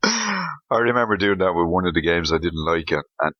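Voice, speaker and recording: A man's voice: low voice, huge pitch swings, fairly quick, dry recording. A man chatting casually as a podcast co-host, telling stories and laughing often. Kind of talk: casual chat. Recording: slightly muffled lo-fi audio.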